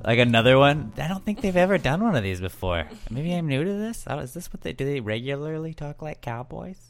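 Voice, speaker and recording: A man's voice: on the high side, sing-song, brisk, faint music behind. A young man co-hosting a casual podcast, joking and rambling, often correcting himself mid-sentence. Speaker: podcast co-host.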